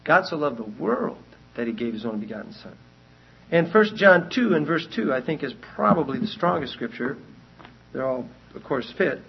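A man's voice: on the high side, a little hiss or hum. A man teaching a Bible study lecture, speaking earnestly and repeating his key points, with frequent restarts as he works through his reasons. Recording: dull lo-fi recording.

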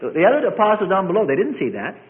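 Guy preaching a sermon, high voice that swoops all over, builds up then goes soft, tinny phone-ish recording. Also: huge pitch swings, very fast. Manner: preaching with rising emphasis, then soft asides.

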